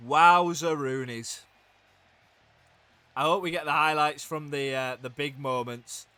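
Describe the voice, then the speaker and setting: A young man giving excitable play-by-play commentary on a wrestling video game, swinging from hushed groans to loud shouts. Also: a little high, unhurried, clean tone, dry recording.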